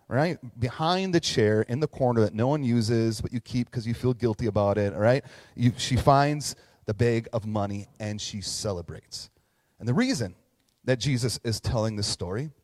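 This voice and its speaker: A man in his thirties, a pastor, preaching a casual, animated story sermon and talking to the kids in the crowd. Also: mid-range voice. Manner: animated, acts out voices, talks to kids in the crowd. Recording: long reverb in a large hall.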